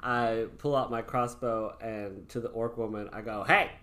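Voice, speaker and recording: A woman's voice: a bass voice, fairly even intonation, normal speed. A woman playing a tabletop game who giggles a lot as she describes her moves. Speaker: player.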